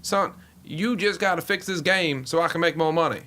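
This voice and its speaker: A man's voice: on the high side, moderate pace, pushed and bright. A man doing an impression of a bossy, condescending older male team owner with a drawl.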